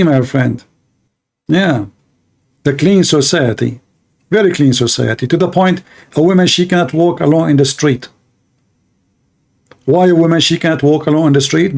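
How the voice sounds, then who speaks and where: A man's voice: a little high, darkish tone. A middle-aged man hosts an apologetics show in a somewhat raised register. His commentary is scornful and sarcastic, and he leans on rhetorical questions. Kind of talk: mocking religious commentary.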